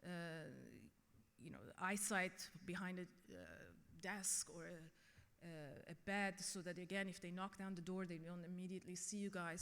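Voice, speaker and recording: A woman's voice: fairly low pitch, fairly bright tone. A middle-aged woman giving a keynote speech and telling a personal story earnestly. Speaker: keynote speaker. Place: conference hall. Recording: long reverb of a large hall.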